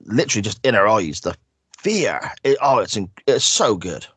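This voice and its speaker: A man's voice: fairly low pitch, very animated, normal speed, a bit bright, breathy edge, no echo. A man co-hosting a casual podcast, recapping loosely with tag questions and fillers. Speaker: podcast co-host. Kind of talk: casual chat.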